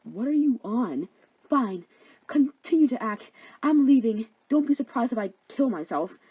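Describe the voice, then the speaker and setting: A woman voicing an insecure, frantic young woman in a cartoon parody, loud and whiny. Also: on the high side, expressive, measured pace, breathy edge, no room sound, highs cut off. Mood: upset.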